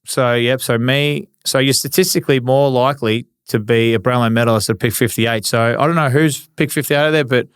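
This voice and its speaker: An Australian man in his forties tells stories in a smooth, resonant voice. He is laid-back, swears freely and laughs through his anecdotes. The sound is dry and close. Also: mid-range voice, steady tone, fairly quick, few pauses, no echo. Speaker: guest, retired footballer. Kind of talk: casual storytelling interview.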